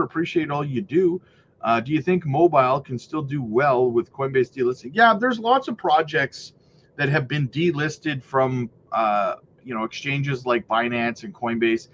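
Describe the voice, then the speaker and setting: A man hosting a casual livestream, reading viewer comments aloud in an upbeat, hyped way, full of "you know" and "right". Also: a little high. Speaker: crypto livestream host. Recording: slightly muffled with faint noise.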